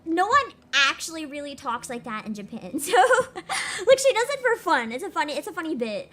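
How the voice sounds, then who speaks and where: A woman's voice: high-pitched, big pitch swings, normal speed, a bit bright. A young woman streamer chatting casually and rambling with giggles, playful with her voice. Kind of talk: casual chat over a game stream.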